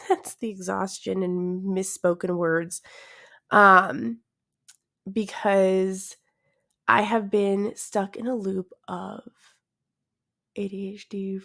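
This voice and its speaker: A woman's voice: medium pitch, little pitch movement, extremely slow, vocal fry, long pauses, a bit bright. A young woman hosting her own podcast in a casual, awkward, self-deprecating chat, tired and laughing often. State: tired, yawning. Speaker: podcast host.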